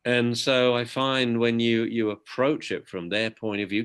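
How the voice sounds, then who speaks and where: A man with a British accent, a dog behaviour expert giving an outspoken, lively interview. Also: mid-range voice, unhurried, clear, resonant tone. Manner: outspoken, animated storyteller. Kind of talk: conversational interview.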